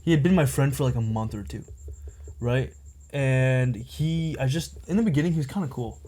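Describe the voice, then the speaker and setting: A man's voice: mid-range voice, normal speed, warm tone. A young man on a podcast telling a long personal story in casual chat, rambling and packed with filler words. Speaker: podcast co-host.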